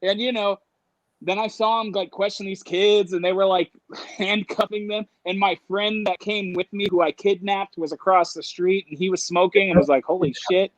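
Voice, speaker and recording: A man telling a story in casual conversation, animated, acting out voices and laughing as he goes. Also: high voice, normal speed, no room sound, muffled recording. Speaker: guest.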